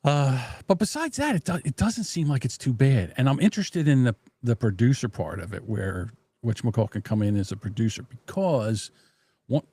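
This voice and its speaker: A man's voice: medium pitch, animated, a little fast, breathy edge, no room sound. Blunt, profane man on a live stream. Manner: muttering to himself while fiddling with software. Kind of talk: casual live stream chat. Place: home desk. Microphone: desk microphone.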